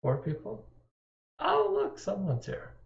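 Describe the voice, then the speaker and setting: A man's voice: high voice, wildly swooping pitch, slow pace, creaky. A man chatting casually on his live stream, rambling with self-deprecating asides and chuckles. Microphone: desktop microphone. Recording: echoey, dull lo-fi sound.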